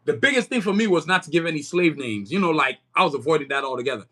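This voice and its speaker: A man's voice: a little high, expressive, fast, a bit bright. A man with an American accent touched by Nigerian, chatting loosely on a livestream in a slangy, rambling way. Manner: slangy, rambling, keeps saying "you know what I'm saying". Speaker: livestream host and comic creator. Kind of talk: casual livestream chat.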